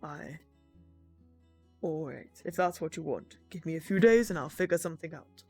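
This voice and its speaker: A woman voicing a protective father in a visual novel, gentle but firm. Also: low voice, moderate pace, faint music behind.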